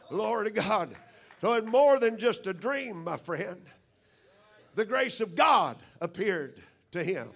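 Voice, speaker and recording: A man's voice: high-pitched, expressive, slow pace. A middle-aged man preaching a sermon, fervent and peppering his lines with amens. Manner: fervent, punctuated with frequent amens. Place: church service.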